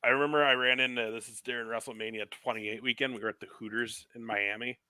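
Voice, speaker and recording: A man's voice: medium pitch, fairly even intonation, quick pace, bright, forceful tone, clear, resonant tone, dry recording, clean studio sound. A man co-hosting a podcast, chatting casually and telling rambling stories with heavy swearing. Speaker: podcast co-host. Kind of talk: casual chat.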